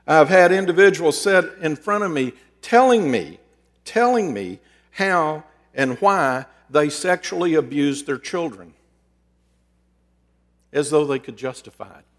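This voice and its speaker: A middle-aged man preaching and counseling, telling personal stories in an earnest, conversational way with sudden shifts between loud and soft. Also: fairly high pitch, expressive, unhurried. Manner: earnest, conversational, with dramatic swings in loudness. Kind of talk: storytelling sermon. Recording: long reverb in a large hall.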